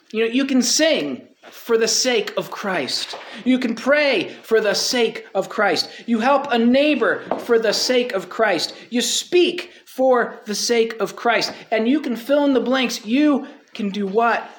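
A man with a high voice preaches a sermon in an easy, conversational way. He reads scripture aloud and often asks his listeners rhetorical questions. A faint hiss sits under the recording. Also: a bit bright.

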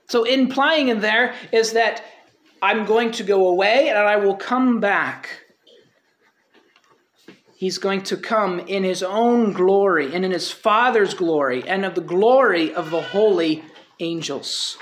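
A man's voice: high voice, slow pace, a bit bright. A man preaching a sermon in a conversational way, quoting scripture and asking his listeners rhetorical questions.

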